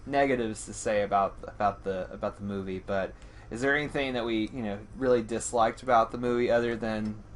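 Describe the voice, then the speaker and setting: A man hosting a casual podcast chat, rambling with many restarts and getting excitable. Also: lowish voice, brisk, a little hiss or hum. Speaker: podcast host.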